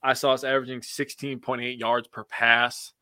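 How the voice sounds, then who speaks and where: A man co-hosting a casual sports podcast, excitable and quick to swear as he talks through the games. His voice is bright and forceful, mid-pitched, and sits dry and close with no room around it. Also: no echo.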